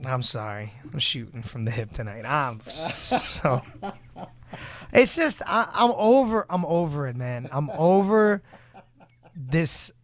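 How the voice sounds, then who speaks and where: Fairly high and sing-song, this man's voice moves slowly as he hosts a casual talk show. He vents in a blunt, heated rant full of swearing, quoting people in put-on voices.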